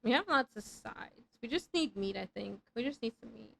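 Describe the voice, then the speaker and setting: A woman's voice: a little high, expressive, normal speed, vocal fry, a little hiss or hum, rough recording. A woman in her thirties chatting casually with her live chat while playing a game, rambling and swearing freely in self-mocking banter. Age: 30s. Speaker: streamer.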